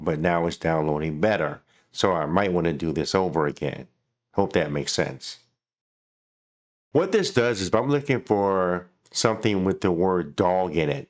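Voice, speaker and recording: Male tutorial host, very low pitch, casual click-along walkthrough delivery. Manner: casual, thinking aloud while clicking. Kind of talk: screen-recording software walkthrough.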